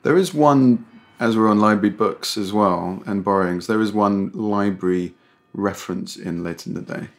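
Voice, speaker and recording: A man with a lowish voice who hosts a book discussion. He praises the writing with eager, admiring enthusiasm. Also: moderate pace.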